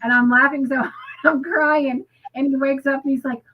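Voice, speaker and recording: A woman's voice: high voice, fairly even intonation, moderate pace. A woman co-hosting a crafting livestream, chatting casually and emotionally with lots of "you know" fillers, reading out viewer comments. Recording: muffled lo-fi stream audio.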